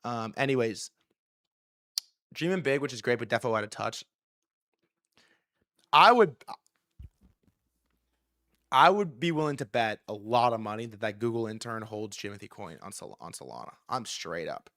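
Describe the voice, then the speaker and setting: A man in the middle of his range, talking fast and cursing freely as he hosts a live market stream. His delivery is heated and excitable. The recording is dry and close, with no room sound. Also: medium pitch, no echo. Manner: profane, heated ranting. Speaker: livestream host.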